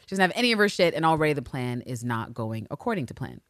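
Profane, animated woman recapping a show. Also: deep voice, fast, no room sound, clean studio sound. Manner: animated, profane retelling with acted-out quotes. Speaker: podcast co-host. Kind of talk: casual recap chat.

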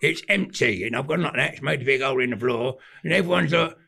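Gravelly London man telling crime stories. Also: mid-range voice, fast. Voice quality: gravelly, husky. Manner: animated anecdotes, cockney slang, swearing. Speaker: podcast guest, former gangster. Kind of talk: casual storytelling.

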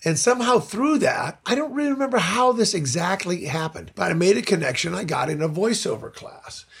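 A man's voice: sits high, a little fast. An older man, a voice actor and director, telling stories in a casual interview with a worn voice, acting out the people in his anecdotes. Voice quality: worn, gravelly voice. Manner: animated storyteller who acts out voices in anecdotes.

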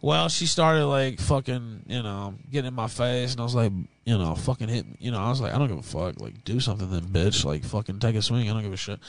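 A man's voice: on the low side, expressive, fast, gravelly, hardly any pauses, a little hiss or hum, poor audio. A young man telling a blunt, profane story in casual podcast chat.

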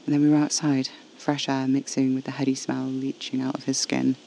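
A man narrating a first-person horror story in a hushed, intimate way. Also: medium pitch, completely flat delivery, a little fast, a little hiss or hum, rough recording.

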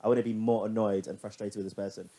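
A man in casual podcast chat, chatty and animated, swearing freely as he tells stories. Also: fairly low pitch, fast talker. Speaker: podcast co-host.

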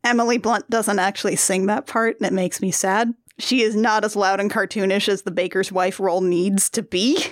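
A woman co-hosting a casual chat recapping a musical, animated and often acting out quoted lines with laughter. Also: medium pitch, moderate pace, hardly any pauses, dry recording, studio quality. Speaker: podcast co-host.

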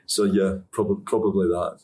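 A man's voice: fairly low pitch, mellow. A young Scottish man answering interview questions about acting, chatty and rambling, often laughing. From Scotland. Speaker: actor interviewee. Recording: distant mic with faint ambience.

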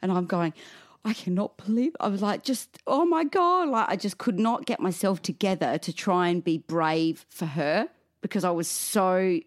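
A woman's voice: fairly low pitch, steady tone, normal speed. A woman co-hosting a podcast in casual chat, telling stories animatedly, acting out quotes and swearing freely. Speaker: podcast co-host.

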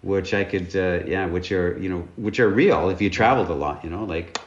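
A man talking reflectively in casual conversation, halting with many fillers. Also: low voice. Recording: roomy, dull-sounding audio.

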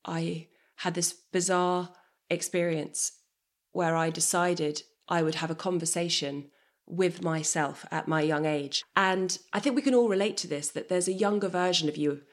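Lively woman guest in her thirties. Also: lowish voice, moderate pace. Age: 30s. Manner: energetic and emotionally open, swears. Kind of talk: candid conversation.

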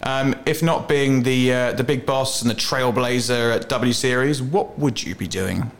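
A man's voice: mid-range voice, moderate pace. A man co-hosting a podcast, chatty and jokey, leading the guest through set questions. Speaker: podcast co-host. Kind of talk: casual podcast chat.

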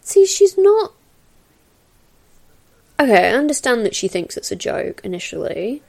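A woman's voice: on the high side, big pitch swings, unhurried, vocal fry, a little mellow. A woman hosting a casual film commentary, chatting in a meandering way with lots of fillers and little laughs. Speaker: podcast host doing a film commentary. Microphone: new podcast mic.

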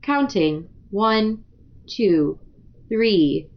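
A woman voicing a calm female android in a flat, clipped, mechanical manner. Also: medium pitch, very slow, lo-fi sound. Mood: robotic.

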